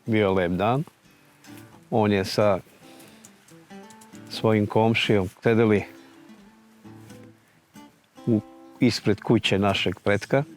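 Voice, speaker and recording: A low-voiced man narrates a folk tale in an even, flat tone without hurrying. Guitar music plays faintly behind him. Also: slow, long pauses. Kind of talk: storytelling narration.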